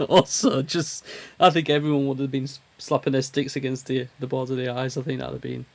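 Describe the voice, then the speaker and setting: A man's voice: medium pitch, flat delivery, moderate pace, gravelly. A man with a British accent co-hosting a hockey podcast, bantering sarcastically and reading out team stats. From Britain. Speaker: podcast co-host. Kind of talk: casual hockey chat.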